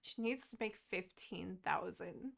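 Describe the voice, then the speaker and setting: A young woman recapping a book in casual podcast chat, animated and laughing, swearing freely as she quotes the characters. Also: lowish voice, measured pace, creaky. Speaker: podcast co-host.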